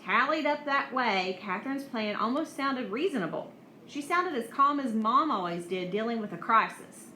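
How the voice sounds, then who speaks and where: A woman reading a novel aloud at an even pace, with small slips and restarts. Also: on the high side, moderate pace. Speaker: audiobook reader. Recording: echoey room, faint hiss.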